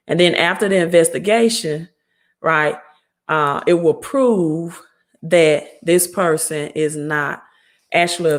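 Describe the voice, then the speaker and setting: A woman from Mississippi with a Southern accent, hosting a credit repair livestream and answering viewer comments in a blunt, no-nonsense way. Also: sits low. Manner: blunt, scolding, talks straight to viewers. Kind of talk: casual livestream talk reading viewer comments.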